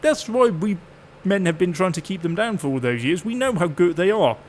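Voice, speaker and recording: A man rambles through a gameplay session in loose, joking chat, swearing now and then. His voice sits a little higher than most men's, and there's a faint hiss of noise under it. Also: animated. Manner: chatty, jokey, swears freely, puts on quick mock voices. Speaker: gameplay streamer. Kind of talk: casual rambling chat while playing.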